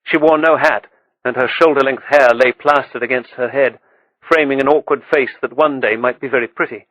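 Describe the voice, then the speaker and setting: A man reading an audiobook with steady, measured storytelling. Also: medium pitch, no room sound, dull audio. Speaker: audiobook narrator. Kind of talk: scripted audiobook narration.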